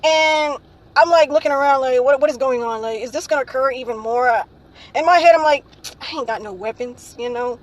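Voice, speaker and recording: A woman's voice: sits high, brisk, low-quality recording. A young woman telling a story in a casual vlog, rambling with lots of "like, um" and ending her phrases with "right?". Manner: rambling, ends phrases with "right?" tag questions; frequent "like, um" fillers.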